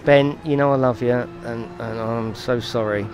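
A man's voice: medium pitch, fairly even intonation, a little slow, faint music behind. Sweary man streaming a race. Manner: sweary, apologetic, giggly. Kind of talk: live racing game stream commentary.

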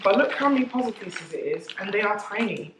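A woman's voice: medium pitch, animated, fairly quick. Chatty young woman vlogging. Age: 20s. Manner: chatty, candid, slangy. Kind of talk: casual vlog chat to camera. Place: at home. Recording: roomy echo, faint noise.

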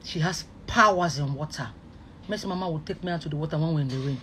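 Someone with a Nigerian accent delivers a fast, emotional online rant at a middling pitch, swinging between loud outbursts and soft murmurs. The speech is emphatic and packed with repeated oaths, and a faint noise runs beneath the recording.

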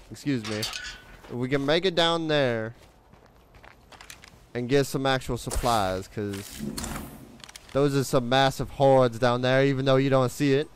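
A man's voice: medium pitch, slow pace, long pauses, a little hiss or hum. A man with a Southern US accent giving casual, playful gameplay commentary and chatting to the game characters. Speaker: let's play gamer. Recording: game sound loud in the background. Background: game sounds.

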